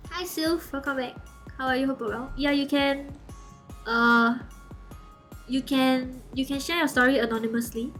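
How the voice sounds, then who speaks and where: A young woman, casually telling a story to her chat, animated and giggly, full of okay and like. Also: sits high, normal speed, faint music behind. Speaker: streamer.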